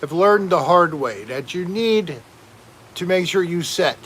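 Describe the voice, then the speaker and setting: A man's voice: high-pitched, animated, unhurried, fairly bright tone, a little hiss or hum. A man hosting a casual home livestream, rambling and joking while reading out chat names. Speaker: livestream host.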